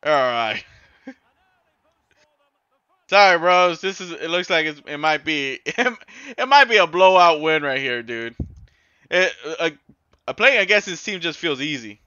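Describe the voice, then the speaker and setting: Excitable man yelling over gameplay. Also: fairly high pitch, measured pace, long pauses, clean tone, no echo, muffled recording. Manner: excitable, yells and swears at the game. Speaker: gaming YouTuber. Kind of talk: casual gameplay commentary.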